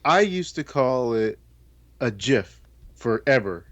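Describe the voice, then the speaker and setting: A man co-hosting a podcast, calmly arguing a point in casual chat. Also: medium pitch, slow pace, dry recording. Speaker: podcast co-host. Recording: dull dry remote audio.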